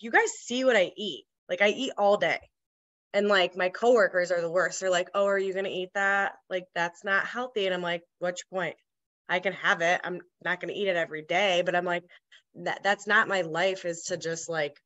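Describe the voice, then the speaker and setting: Rambling young woman coach, lowish voice. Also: sharp tone. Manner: rambling, many fillers and restarts. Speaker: fitness coach. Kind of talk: casual business call chat.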